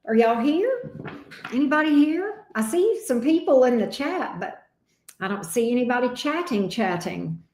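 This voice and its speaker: A woman with a Southern accent hosts a tarot live stream, greeting viewers by name and chatting casually. Her high voice is very animated and a little mellow, at a moderate pace, and the room sounds echoey.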